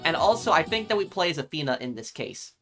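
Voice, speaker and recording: A man's voice: fairly high pitch, expressive, fast talker. Chatty man hosting a game playthrough. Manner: chatty with many fillers. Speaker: let's play host. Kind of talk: casual game commentary. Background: game music.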